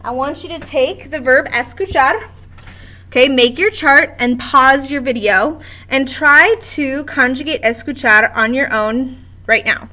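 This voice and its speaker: Lady teacher slowly walking through verb endings at the board, kinda high voice, classroom. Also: sharp tone. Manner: patient, step-by-step explaining. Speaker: Spanish teacher. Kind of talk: classroom lesson at a whiteboard.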